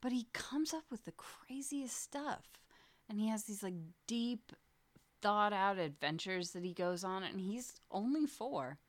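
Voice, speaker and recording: A woman co-hosting a casual podcast with another mom, joking about herself in an animated way. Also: medium pitch, measured pace. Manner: animated, jokey, self-deprecating. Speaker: podcast co-host, mother. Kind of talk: casual chat.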